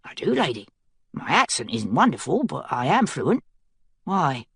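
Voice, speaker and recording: A woman's voice: low-pitched, big pitch swings, a little slow, vocal fry, breathy edge, dry recording, studio quality, exaggerated voice. A woman voicing a sardonic young male royal guard, wry and subdued.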